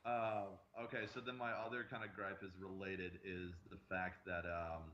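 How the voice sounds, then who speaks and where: A man's voice: low voice, flat delivery, normal speed, fairly bright tone, lo-fi sound, slight background noise. A man appearing as a guest on a casual movie podcast, airing a dry, hesitant gripe. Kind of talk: casual movie review chat.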